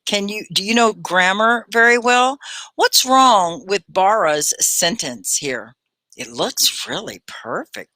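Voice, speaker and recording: A woman teaching English live online, her bright voice rising and falling in lively swoops. She chats encouragingly with her students, and the sound is close and dry, with no room around it. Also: mid-range voice, no echo. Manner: warm, encouraging, chatty with viewers. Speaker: ESL teacher hosting a livestream class.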